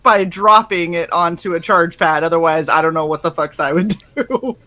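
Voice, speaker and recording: A co-host of a casual live stream, chatty and quick to laugh while telling stories. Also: mid-range voice, bright, forceful tone, low-quality recording. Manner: laughs often, chatty storytelling. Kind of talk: casual chat.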